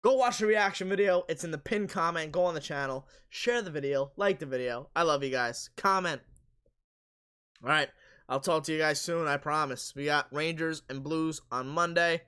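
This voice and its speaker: Hoarse man with a bright voice. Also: on the high side, normal speed. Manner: casual, reads comments aloud and answers them. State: hoarse, losing his voice. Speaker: sports stream host. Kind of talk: live stream chat reading viewer comments.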